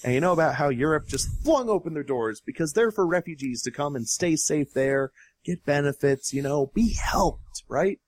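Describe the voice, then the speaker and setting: A man's voice: fairly high pitch, normal speed, no echo, clean studio sound. A man co-hosting a casual talk show, ranting sarcastically and swearing as he tears into news articles. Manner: animated, profane, sarcastic. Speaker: podcast co-host.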